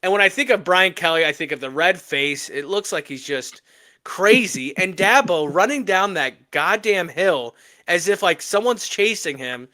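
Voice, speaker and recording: A man talks sports on a podcast in a high, bright voice that jumps up and down a lot. His delivery is emphatic and animated, with punchy asides. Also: moderate pace. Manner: animated, emphatic rants with laughs. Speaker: podcast co-host. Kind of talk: casual sports chat.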